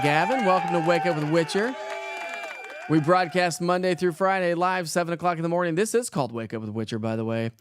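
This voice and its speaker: This man's voice is fairly high and brisk, captured in studio quality without any echo. Hosting a morning weather livestream from Colorado, he chats casually over viewer comments, greeting people by name with upbeat jokes.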